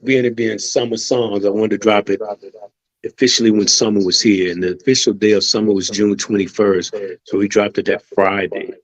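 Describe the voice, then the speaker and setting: A man's voice: lowish voice, little pitch movement, moderate pace, dry recording, rough recording. An American man, a musician guest on a radio show, talking in an easygoing, chatty way with many fillers. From United States. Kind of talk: casual radio interview.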